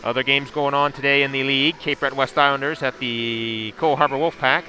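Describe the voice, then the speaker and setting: A man giving a steady, running play-by-play call of a hockey game, with asides and sponsor plugs. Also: medium pitch, brisk. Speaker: play-by-play commentator. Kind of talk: live hockey play-by-play commentary.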